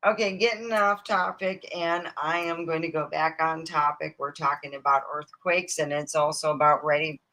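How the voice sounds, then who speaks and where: A woman's voice: low voice, steady tone, normal speed, hardly any pauses, sharp tone, rough recording. A woman from Nevada hosting a livestream, rambling casually, digressing, swearing freely and acting out quoted voices. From Nevada, USA. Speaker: livestream host.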